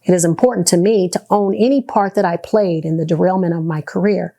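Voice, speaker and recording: Gravelly, indignant woman telling her story. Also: fairly low pitch, warm tone. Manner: indignant, sarcastic, deliberate; faith-filled, earnest. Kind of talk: personal testimony to camera.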